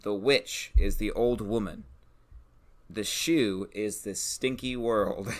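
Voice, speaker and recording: Low-voiced guy co-host, thinking out loud, lots of restarts and ums. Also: slow. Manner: thinking aloud, hesitant, many restarts. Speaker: podcast co-host. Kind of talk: casual brainstorming chat.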